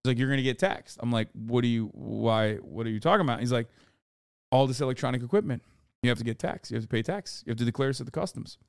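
A young man hosting a podcast, telling a story in animated, casual chat and acting out quoted people. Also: mid-range voice, fast, creaky, no echo, clean studio sound. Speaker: podcast host.

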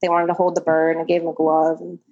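A woman's voice: on the low side, completely flat delivery, quick pace, vocal fry, darkish tone, dull audio. A young woman in her twenties, a falconer, chatting casually and telling stories with lots of fillers. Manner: chatty storyteller, many likes. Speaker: guest falconer. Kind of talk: casual chat.

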